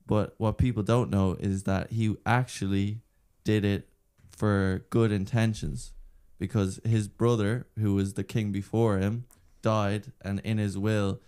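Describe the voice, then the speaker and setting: A man's voice: on the low side, little pitch movement, a little slow, few pauses, a little mellow, clean tone. A young man co-hosting a chat, explaining things at length in an earnest way. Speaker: podcast co-host. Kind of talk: casual chat.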